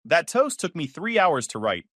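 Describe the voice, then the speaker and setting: A man voicing a laid-back friend who speaks in a deadpan way. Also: a little high, moderate pace, dry recording, studio quality, pitched above the performer's own voice, full character voice.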